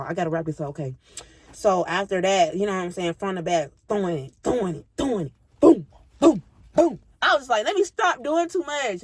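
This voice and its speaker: A woman vlogger telling a casual storytime, slangy and profane, talking straight to her viewers and jumping between low mutters and high squeals. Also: breathy edge, no echo.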